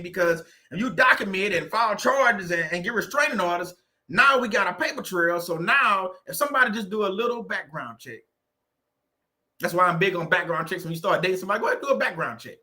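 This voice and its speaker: His voice sits high, bright and forceful, as the channel host, a man from southern Louisiana, gives a laid-back motivational talk from a room at home. He makes his points with plenty of joking and laughter.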